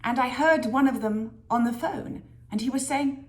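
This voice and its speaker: A woman vlogging a workplace story, lively and acting out the voices of people she quotes. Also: high-pitched, moderate pace. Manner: lively storyteller who acts out quoted dialogue. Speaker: business leader sharing a career story. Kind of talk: storytelling vlog.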